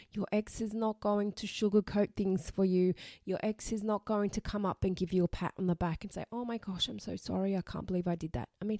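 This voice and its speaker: A woman's voice: mid-range voice, mellow, dry recording, clean studio sound. A woman hosting a podcast, giving blunt, emphatic advice and repeating her points for emphasis. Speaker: podcast host.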